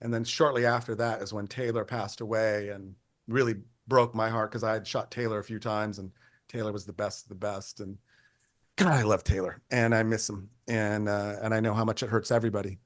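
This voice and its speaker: An older man, a photographer, telling stories in an interview in a rambling, animated way, acting out the people he quotes and often restarting his sentences. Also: lowish voice, a little fast, no echo, studio quality. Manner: animated, acts out quoted voices. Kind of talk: conversational storytelling.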